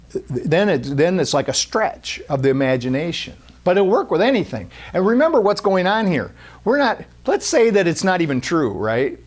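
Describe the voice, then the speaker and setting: Earnest high-voiced male preacher. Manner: earnest, repetitive, with many restarts and acted-out quotes. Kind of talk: spiritual sermon.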